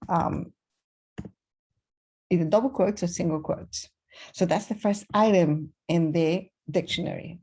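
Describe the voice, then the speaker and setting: A woman with an Argentinian Spanish accent talks through a coding lesson in a meandering, think-aloud way. Her voice sits low, with a dark, gravelly, husky grain. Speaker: programming teacher. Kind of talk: casual screen-share coding lesson.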